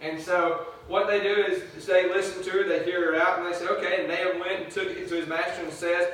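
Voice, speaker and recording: High, bright-voiced preacher. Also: male voice, flat delivery, brisk. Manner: casual, rambling storytelling with folksy asides. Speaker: pastor. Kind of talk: conversational sermon. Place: church sanctuary. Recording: echoey church from far off.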